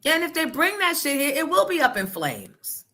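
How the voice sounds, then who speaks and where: A woman hosting a morning show, telling stories in a blunt, profane, animated way. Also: sits high, normal speed. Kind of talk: casual opinion talk.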